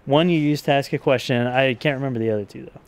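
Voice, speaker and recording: A man's voice: mid-range voice, fast talker. A man from California co-hosting a casual gaming chat, patiently explaining things, teasing his friend and laughing often. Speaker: co-host.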